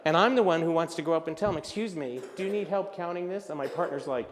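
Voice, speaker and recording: An older man giving a lively, humorous talk at a luncheon, acting out the people in his stories. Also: a little high, quick pace. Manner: animated, acts out voices of others in his stories. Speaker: luncheon speaker. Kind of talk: comic storytelling talk. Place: event hall. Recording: reverberant hall.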